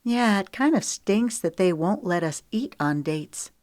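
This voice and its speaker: A woman's voice: mid-range voice, expressive, measured pace, darkish tone, no echo, studio quality, pitched above the performer's own voice, natural voice. A woman narrator voicing a guarded young female reality show contestant with a wry, candid manner.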